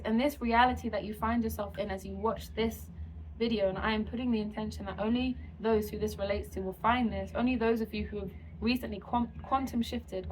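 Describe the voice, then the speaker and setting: A woman channeling a spiritual message to her viewers, speaking slowly and soothingly in repeated affirmations. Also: medium pitch, slight background noise, poor audio. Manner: slow, soothing, repetitive affirmations.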